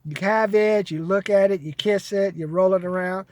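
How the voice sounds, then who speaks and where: Blunt high-voiced man vlogging. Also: fairly even intonation, normal speed, a little mellow. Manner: blunt, profane, preachy. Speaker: vlogger giving money advice. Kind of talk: casual monologue to camera.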